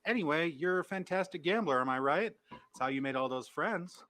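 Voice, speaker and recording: A man's voice: fairly high pitch, expressive, a little fast, pushed and bright. Stammering man running a tabletop game. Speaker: game master. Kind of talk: in-character tabletop narration.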